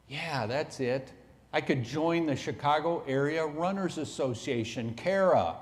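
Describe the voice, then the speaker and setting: A middle-aged man giving a motivational keynote, telling his story with dramatic swings from hushed to loud. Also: fairly high pitch, a little slow. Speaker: keynote speaker. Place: large conference hall. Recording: echoey hall.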